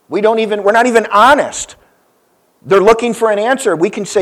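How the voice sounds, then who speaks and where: A male pastor delivering a sermon in a voice a little higher than most men's. He tells the story dramatically, dropping low and quiet, then climbing into emphatic, raised lines when he voices the people in it. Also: lively intonation, fast. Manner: dynamic preaching, rising and falling, acting out quoted lines.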